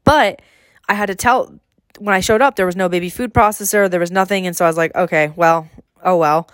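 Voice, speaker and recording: A woman's voice: mid-range voice, fast talker, no room sound. Chatty woman telling stories, dry sound. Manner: chatty storytelling, exasperated asides. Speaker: podcast co-host. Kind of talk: casual chat.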